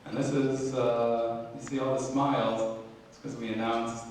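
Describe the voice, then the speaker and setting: A man's voice: medium pitch, level tone, normal speed, slight background noise. A man narrating a family slideshow at an anniversary party in a plain, informal way. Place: large banquet hall. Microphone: far room microphone. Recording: echoey hall from far off.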